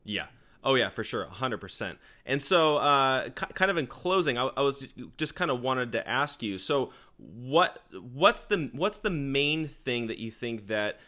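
A man's voice: medium pitch, very animated, measured pace, bright, forceful tone. A man hosting an interview, thinking aloud in a rambling, reflective way with many fillers. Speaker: podcast host. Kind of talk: casual interview chat.

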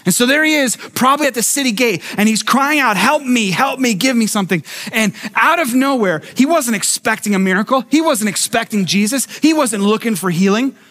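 A man pastor preaching a sermon, telling a story with lively acted-out voices and frequent restarts. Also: extremely high pitch, fairly quick, few pauses. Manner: animated storytelling, acting out voices; repeats words when starting thoughts.

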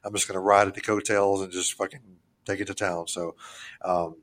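Casual, rambling man with a low voice. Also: brisk. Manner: rambling, relaxed, swears casually. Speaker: podcast co-host. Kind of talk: casual film chat.

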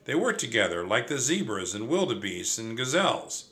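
A man's voice: mid-range voice, sing-song, moderate pace, pushed and bright, pitched above the performer's own voice. A man voicing a cautious, bookish young boy who gets anxious in a storybook reading. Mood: calm.

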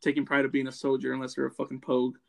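A man's voice: medium pitch, completely flat delivery, rapid-fire, vocal fry. A man from California, a former Marine, ranting bluntly in casual chat with heavy profanity.

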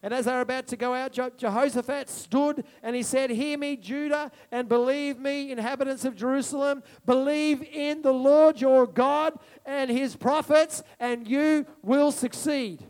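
A man preaching a sermon, moving between quiet reflection and loud, repeated declarations. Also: extremely high pitch, fairly even intonation, normal speed, hardly any pauses, smooth. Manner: impassioned, swinging from soft to loud declarations; repeats phrases for emphasis.

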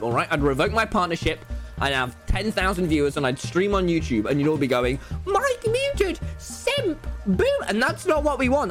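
Brief: brash lad streaming from home, wildly swooping pitch, faint music underneath. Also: male voice. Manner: loud, boastful, jokey, often yelling and laughing. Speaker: live streamer. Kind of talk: excitable gaming livestream chat. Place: home room.

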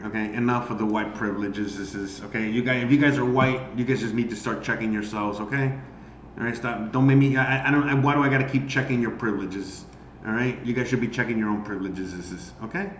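Rambling man in a roomy echo. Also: medium pitch. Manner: rambling, heavy on "you know" fillers. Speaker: amateur comedian streamer. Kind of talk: casual profane rant. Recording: roomy echo, faint background noise.

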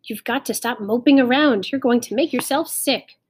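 A woman voicing a practical country mother who scolds her child gently, in a storybook reading. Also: fairly high pitch, normal speed, slightly rough, voice pushed up. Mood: firm. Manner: scolding, sensible.

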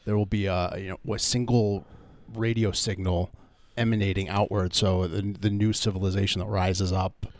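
A man's voice: low voice, level tone, normal speed, few pauses, dry recording. A man co-hosting a radio show, talking in a laid-back, hesitant way with many fillers. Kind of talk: casual comedic banter during a fund drive.

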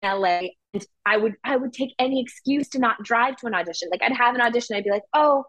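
A woman's voice: on the high side, fast talker, fairly bright tone, dry recording, rough recording. A woman co-hosting a podcast, chatting casually and earnestly and acting out her own thoughts. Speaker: podcast co-host. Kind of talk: casual chat.

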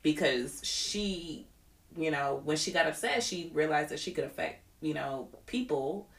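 In an echoey room, this woman speaks low and unhurried with some vocal fry. She's a podcast co-host in casual conversation, lively and full of strong opinions, and she likes to quote other people.

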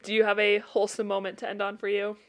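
A woman's voice: mid-range voice, monotone, quick pace. Chatty young woman telling stories. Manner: laughs often, chatty storytelling. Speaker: podcast co-host. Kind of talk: casual chat.

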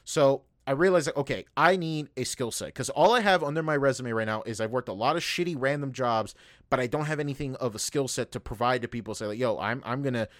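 A man's voice: medium pitch, quick pace, dry recording, clean studio sound. A young man hosting a podcast, talking in a rambling, profane way with lots of fillers as he vents about his work. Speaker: podcast host. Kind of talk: casual podcast chat.

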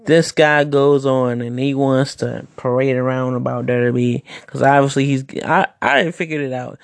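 In a casual podcast monologue, the wrestler-host offers his opinions in a gravelly mid-range voice, wandering and restarting his sentences. The recording is dry, close and free of echo.

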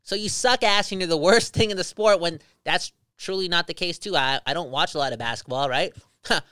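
A man with a high, bright voice, ranting with brash, profane humor in casual podcast chat. He gets excitable and jokey as he talks. The sound is dry and close to the mic. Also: fairly quick, smooth, no echo. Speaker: podcast co-host.

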